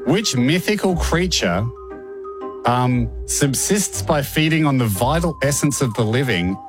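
A man hosting a podcast, telling stories in an animated way and laughing often. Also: medium pitch, a little slow, music in the background. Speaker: podcast host. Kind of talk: casual podcast chat.

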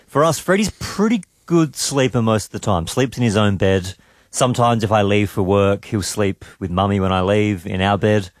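A man's voice: fairly low pitch, moderate pace, no echo, studio quality. A man, hosting a morning radio show and telling a family story in casual chat. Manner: storytelling, animated quoting of his son. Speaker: radio host. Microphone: studio mic.

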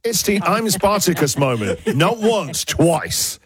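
A man hosting a breakfast radio show, playful and lively, often jumping up in pitch for emphasis. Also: slow.

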